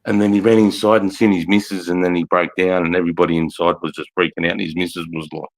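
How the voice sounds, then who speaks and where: A man's voice: low-pitched, level tone, quick pace, few pauses, poor audio. A man, telling a rambling story in casual livestream chat, swearing often and saying mate and bro.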